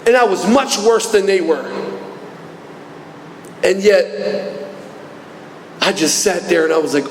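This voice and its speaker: A man's voice: high-pitched, animated, slow pace, long pauses, a little hiss or hum. A man in his forties giving an earnest, emotional personal testimony at a recovery meeting, recorded in a large hall. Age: 40s. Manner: earnest, emotional, rising to fervent. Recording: echoey hall recording from a distance.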